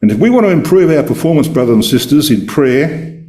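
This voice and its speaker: Lively, emphatic male Bible teacher. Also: a little fast. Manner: emphatic, rhetorical questions, lively swings in pitch. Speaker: Bible study speaker. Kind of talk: expository Bible talk.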